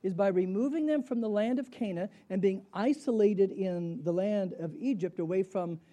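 A man's voice: sits high, moderate pace, warm tone. A middle-aged man teaching a Bible class in a conversational way, asking his students questions and answering them himself. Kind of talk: Bible study lecture.

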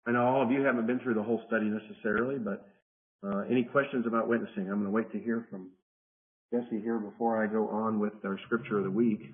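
A man's voice: lowish voice, fairly even intonation, quick pace. A man leading a Bible study lesson, talking conversationally and often restarting phrases as he teaches a group in person and remotely. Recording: phone-like narrow audio.

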